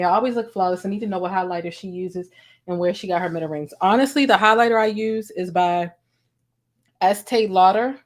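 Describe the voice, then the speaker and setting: A woman from Baltimore with a Baltimore accent, chatting casually to camera as a vlogger and talking to her cat now and then. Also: medium pitch. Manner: chatty, talks to her cat between remarks. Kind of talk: casual commentary vlog.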